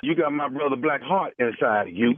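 A man's voice: mid-range voice, brisk, background noise, natural voice. A man making a radio prank call, earnestly pressing the callee while posing as a grieving brother. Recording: tinny phone line.

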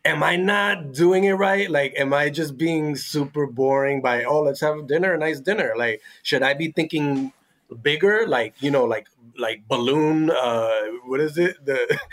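A man's voice: a little high, unhurried, a bit bright. A man in casual podcast chat, joking and often trailing off with hesitations. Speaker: podcast co-host.

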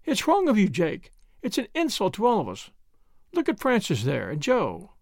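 A woman's voice: medium pitch, wildly swooping pitch, normal speed, a little mellow, no room sound, studio quality, pitched above the performer's own voice. A man voicing a flirtatious, breezy society woman with clipped upper-class phrasing. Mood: teasing.

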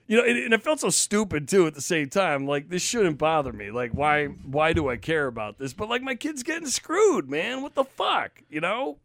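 A man co-hosting a podcast, telling an animated, profanity-laced story about his kid's soccer game. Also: a little high, moderate pace, hardly any pauses. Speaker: podcast co-host and parent. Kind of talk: casual chat.

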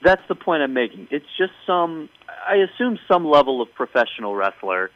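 A man hosting a casual podcast chat, recapping events as an animated storyteller with wry asides. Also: on the high side, normal speed, dry recording, phone-quality sound.

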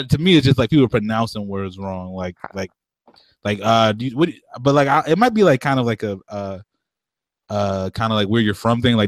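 A man's voice: lowish voice, no echo. A man co-hosting a casual chat, talking in slang, swearing freely and laughing often.

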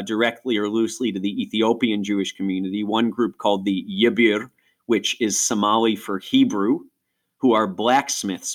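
Lowish-voiced man explaining at length. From Rochester, New York. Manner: explanatory, animated storytelling with asides. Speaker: ministry guest speaker. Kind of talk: podcast conversation.

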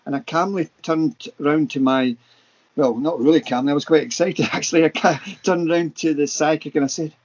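A man's voice: a little high, fairly even intonation, moderate pace, dull audio. A Scottish man in his sixties, a podcast guest telling paranormal stories with enthusiasm and vivid repetition. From Scotland. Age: 60s. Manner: enthusiastic, vivid, repeats words for emphasis. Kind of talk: animated anecdotal storytelling.

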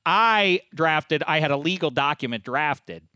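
A man hosting a casual sports chat, mock-pompous and given to sudden loud, excited announcing. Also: fairly high pitch, a little slow, smooth, dry recording, studio quality. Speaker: podcast host.

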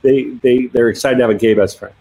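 A man's voice: medium pitch, quick pace, poor audio. A man co-hosting a live podcast, chatting casually and laughing often. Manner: animated, laughing, swearing freely. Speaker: podcast co-host.

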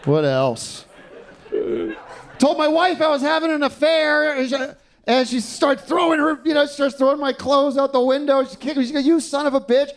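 Male stand-up comic, high lively voice, stumbles and restarts through his jokes. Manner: halting, stumbling joke delivery with restarts. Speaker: stand-up comedian guest. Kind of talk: stand-up comedy bit.

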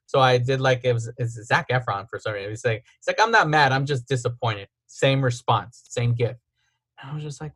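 Casting: male podcast host, mid-pitch, aggrieved casual storyteller, lots of "like". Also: a little fast, fairly bright tone. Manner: aggrieved, retelling texts with filler "like".

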